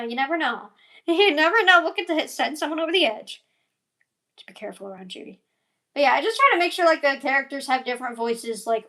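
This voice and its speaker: High, bright rambling young woman. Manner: rambling, full of fillers and tangents, yawning. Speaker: animator and voice actor. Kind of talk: rambling casual vlog chat.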